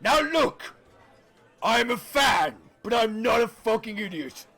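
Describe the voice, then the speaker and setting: A man's voice: extremely high pitch, very animated, takes it slowly, bright, forceful tone, slightly rough, soft background music, full character voice. Man putting on a bellowing, brusque tavern keeper. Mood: gruff. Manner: bellowing, blunt, swearing.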